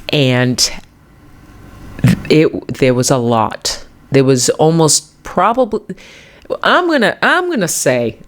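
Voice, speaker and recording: A podcast host with a New England accent, telling a story in a wandering, self-correcting way and chuckling often. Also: mid-range voice. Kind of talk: rambling casual storytelling.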